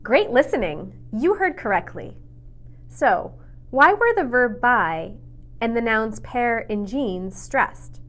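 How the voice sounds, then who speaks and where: A woman teaching English pronunciation in a clear, measured, encouraging scripted narration. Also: on the high side, lively intonation, fairly bright tone.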